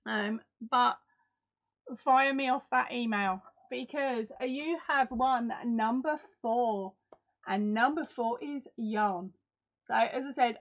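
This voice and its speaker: A woman's voice: a little high, lo-fi sound. A woman from Essex with an Essex accent, chatting casually with viewers by name during a live-stream giveaway, self-deprecating and friendly. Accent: Essex English. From Essex, England. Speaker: crochet channel host.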